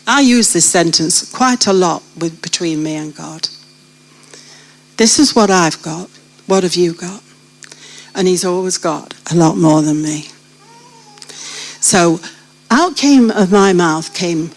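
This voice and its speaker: Slow-spoken British woman giving a testimony. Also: mid-range voice, animated, poor audio. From Britain. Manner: vivid storyteller who addresses the listeners directly with questions. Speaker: guest sharing her testimony. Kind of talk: testimony told to a church congregation. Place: church gathering.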